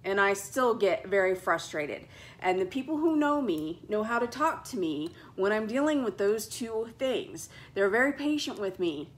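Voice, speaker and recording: A woman hosting a relaxed chat show with a dramatic, lively delivery. She acts out scenes in sudden high squeals and talks at a middling pitch otherwise. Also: normal speed. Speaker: podcast host. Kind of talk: casual chat.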